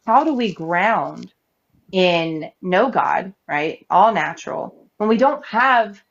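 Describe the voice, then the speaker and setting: Woman debater, lively storyteller, slightly muffled stream audio. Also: lowish voice, takes it slowly. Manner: animated storytelling, acting out quoted voices. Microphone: live-stream mic.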